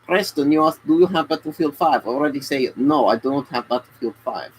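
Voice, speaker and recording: A man's voice: on the high side, brisk, a little hiss or hum, close to an everyday voice, poor audio. A man putting on a hammy Russian accent, playing a mock-Russian man selling gas masks with broken grammar and salesman patter during a live stream. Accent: put-on Russian accent.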